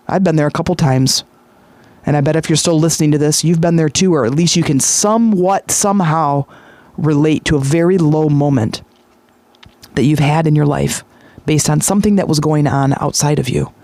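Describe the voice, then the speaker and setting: A man hosting a podcast, retelling a story in a lively, chatty way with frequent fillers. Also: fairly high pitch, normal speed, dry recording. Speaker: podcast host. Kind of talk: casual storytelling monologue.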